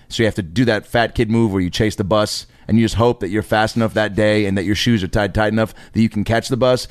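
A man's voice: fairly low pitch, clear, resonant tone, no room sound, studio quality. A man chatting casually on a comedy podcast, spinning long rambling stories and acting out the voices in them. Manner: rambling storyteller, acts out voices.

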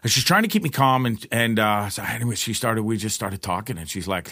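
A man's voice: brisk, dry recording. Brief: man, casual storyteller, swears freely, rambles and restarts, dry close sound. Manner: profane, rambling, restarts often; animated retelling, pitch jumps in quoted lines. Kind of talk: casual personal anecdote.

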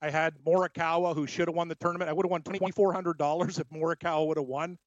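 A chatty, animated man talks through his betting picks like he is telling a story. His voice sits a little high and sounds dry and close. The recording is dull and lo-fi. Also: quick pace, no room sound. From Scotland. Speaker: sports betting co-host. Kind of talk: casual sports betting talk.

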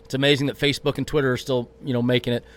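A man's voice: mid-range voice, flat delivery, rapid-fire. Brash, rambling man as an interview guest. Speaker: racing driver guest. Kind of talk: interview answers.

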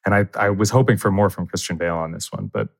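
Man from new jersey, podcast guest, low voice, eager and restarting often. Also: steady tone, fast, vocal fry. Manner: enthusiastic, stumbles and restarts often. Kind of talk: casual chat.

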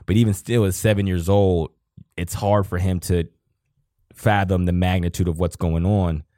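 Deep-voiced guy in his 30s, rambly heartfelt podcast chat, swears a lot, dry close sound. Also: fairly even intonation, moderate pace, mellow, dry recording. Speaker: podcast co-host. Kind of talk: casual emotional conversation.

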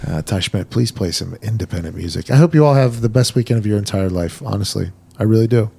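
A man's voice: on the low side, quick pace, gravelly, slightly rough. A man hosting a sports talk show in casual, joking chat. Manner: joking, animated, hamming it up.

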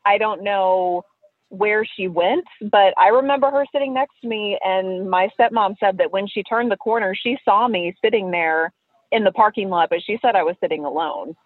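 A woman's voice: mid-range voice, moderate pace, dry recording. A woman calling in to a podcast, telling a story casually and animatedly, laughing often. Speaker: listener caller. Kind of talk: casual storytelling over the phone. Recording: tinny phone line, dry.

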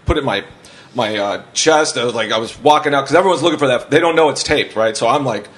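A man's voice: mid-range voice, quick pace, a bit bright. A man in casual podcast chat, telling long, swear-filled stories full of restarts and acting out what others said. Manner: swears freely, rambling anecdotes with restarts; acts out quotes of other people.

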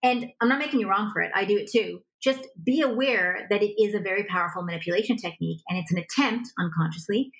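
A woman relationship coach talking in a conversation, animated and acting out little example dialogues. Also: mid-range voice, fast, few pauses, low-quality recording.

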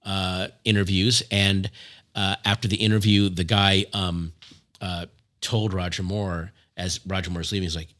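A man co-hosting a podcast in casual chat, an animated, joking storyteller. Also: deep voice, measured pace. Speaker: podcast co-host.

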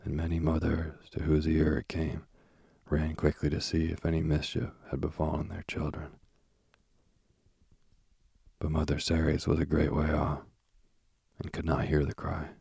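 A man reading a storybook aloud in a measured, even way. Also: extremely low pitch, creaky, breathy edge, no room sound. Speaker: narrator.

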